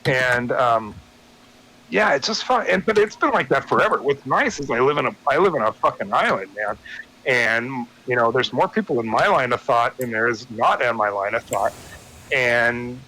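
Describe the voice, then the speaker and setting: As a guest in a stream chat, an American man swears frequently and keeps restarting in a rambling rant. He speaks at normal speed in an animated, medium-pitched voice that's pushed and bright, and the poor recording has a little hiss or hum.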